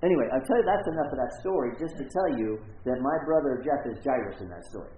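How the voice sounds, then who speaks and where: A man's voice: medium pitch, lively intonation, quick pace, dark tone. A middle-aged man teaching a Bible story in a conversational, rambling way, often interrupting himself. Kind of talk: storytelling sermon. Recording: echoey phone-like recording.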